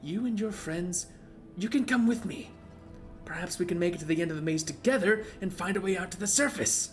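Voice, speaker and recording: A stern, raspy-voiced ranger woman with a witch's edge, put on by a man reads out cold, practical lines from a video game. The voice sits high, and faint music plays underneath. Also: brisk, close to an everyday voice. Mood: grim. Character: raspy witch-like female elf ranger, blunt and pragmatic. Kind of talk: reading game dialogue aloud.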